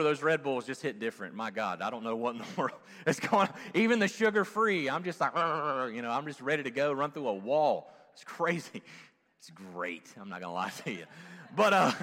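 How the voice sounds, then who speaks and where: Animated, high-pitched male preacher. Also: in a large hall. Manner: animated and humorous, with playful voices and asides. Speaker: pastor. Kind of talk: sermon.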